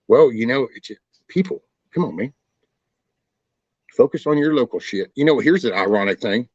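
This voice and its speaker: A middle-aged man with a low voice, rambling and ranting in a folksy, profane way as he hosts a casual livestream. The sound is dry, close and slightly dull. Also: normal speed, a little mellow, no room sound. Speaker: livestream host.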